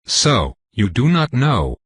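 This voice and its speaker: Guy reading an icy vampire lady, faint southern accent, smooth, calm and talking down, dry close sound. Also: mid-range voice, dry recording, exaggerated voice. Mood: cool. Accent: faint American Southern. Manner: calm, unhurried, condescending. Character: cold, composed female vampire commander.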